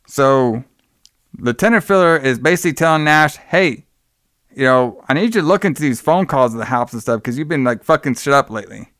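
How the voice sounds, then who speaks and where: A man's voice: medium pitch, expressive, fairly quick, a bit bright, no echo, clean studio sound. Rambling man retelling a movie plot. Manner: rambling, swears freely, acts out characters' lines. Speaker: podcast co-host recapping a horror film. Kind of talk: casual chat.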